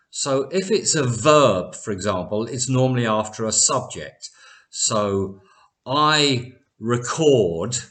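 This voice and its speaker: A man teaching an English lesson to camera, explaining slowly and carefully and repeating example words so learners can hear them. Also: mid-range voice, a bit bright.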